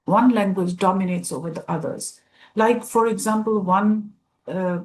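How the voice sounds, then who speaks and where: A woman from India, giving an academic lecture in a thoughtful, measured way, often pausing to find her words. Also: on the low side, a little mellow, rough recording.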